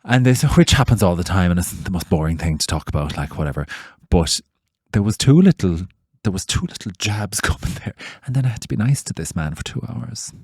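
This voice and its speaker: A young Irish man, a podcast co-host, telling a sweary, animated story in casual chat. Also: sits low, brisk, gravelly, few pauses, breathy edge, dry recording, clean studio sound. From Ireland. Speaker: podcast co-host and tour guide.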